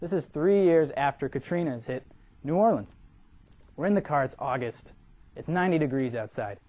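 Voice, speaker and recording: A young man from Massachusetts, a cadet, giving an animated, humorous storytelling speech for a competition and acting out the people in his story. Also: a little high, moderate pace. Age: young adult.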